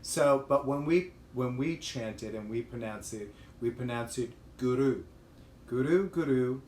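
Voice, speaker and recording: A man's voice: medium pitch, echoey room, slight background noise. A man hosting a livestream and teaching a chant, explaining in a chatty way with fillers. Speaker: host and chant leader.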